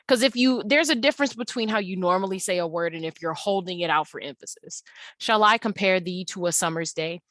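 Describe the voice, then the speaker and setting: A woman teacher giving a recorded tutorial, patiently explaining and sounding words out slowly. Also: mid-range voice, fairly bright tone, no room sound. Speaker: English teacher.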